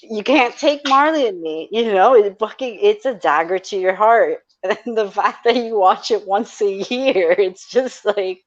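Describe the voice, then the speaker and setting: A woman's voice: medium pitch, unhurried, hardly any pauses, highs cut off. A woman co-hosting a podcast in casual chat, teasing and swearing, laughing often. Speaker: podcast co-host.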